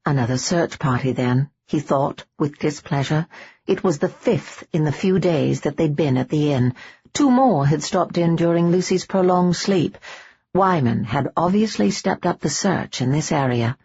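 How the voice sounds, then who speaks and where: A woman narrating a historical romance audiobook in a measured, steady way. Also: low voice, husky, dry recording, highs cut off.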